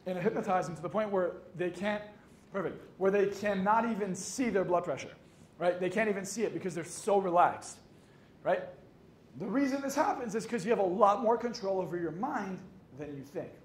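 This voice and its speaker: High-voiced man telling jokey stories. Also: animated, brisk. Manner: swearing, jokey, acts out dialogue. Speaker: hypnotist and coach. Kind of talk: motivational storytelling talk. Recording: echoey room with faint noise.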